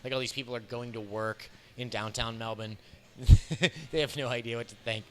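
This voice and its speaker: A man in his thirties with an American accent, a comedian telling a profane road story in an animated way, laughing often as he talks. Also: mid-range voice, a little fast, a little hiss or hum. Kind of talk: storytelling interview. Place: bar.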